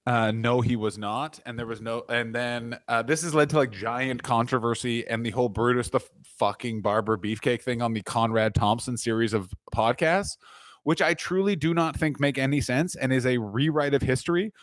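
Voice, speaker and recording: A man co-hosting a podcast, telling crude, animated comic stories from a corner of his living room. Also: mid-range voice, normal speed, no echo, studio quality. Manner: animated, profane storytelling. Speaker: podcast co-host. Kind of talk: crude comedic banter.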